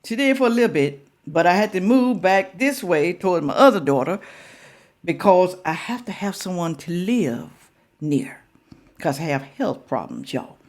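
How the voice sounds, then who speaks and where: Lively-pitched older woman vlogger. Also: normal speed. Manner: emphatic, asks viewers rhetorical questions. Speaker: reaction vlogger. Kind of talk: casual chat to viewers.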